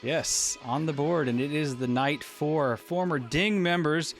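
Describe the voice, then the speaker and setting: A man's voice: a little high, a little slow, faint music behind. A man co-casting an esports match, laid-back and wry in his color commentary. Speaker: esports co-caster.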